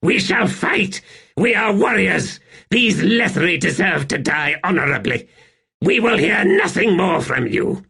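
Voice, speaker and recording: A man's voice: lively intonation, extremely slow, vocal fry, husky, full character voice. A man voicing a shrieking, unhinged young male warrior emperor in an audiobook. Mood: frenzied. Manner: shrill, frenzied shouting.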